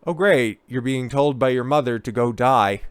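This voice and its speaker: Profane sarcastic male commentator, smooth voice. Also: mid-range voice, normal speed, no echo. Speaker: commentary host. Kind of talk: ranting commentary on a news story.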